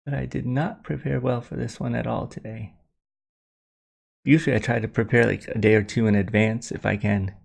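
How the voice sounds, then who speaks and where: A man's voice: medium pitch, fairly even intonation, normal speed, gravelly. A man hosting a casual livestream, rambling and apologetic, with many fillers and restarts. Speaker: livestream host.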